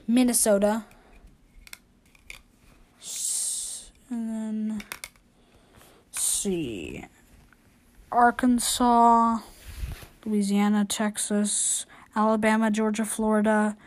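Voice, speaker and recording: A woman's voice: mid-range voice, very slow, pauses often. A woman hosting an amateur news show, reading long lists casually and correcting her own slips as she goes.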